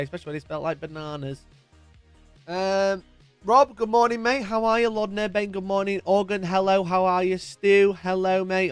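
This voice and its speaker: High-voiced chatty streamer. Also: male voice. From United Kingdom. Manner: chatty, jokey, greets viewers by name. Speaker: live stream host. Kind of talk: casual live-stream chat reading viewer messages.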